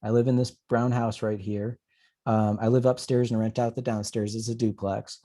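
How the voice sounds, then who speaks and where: A man, an urban planner, giving a webcast presentation and telling stories with a lively, animated delivery. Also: mid-range voice, normal speed. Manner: animated storyteller who acts out conversations. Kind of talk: presentation webcast, data-driven storytelling.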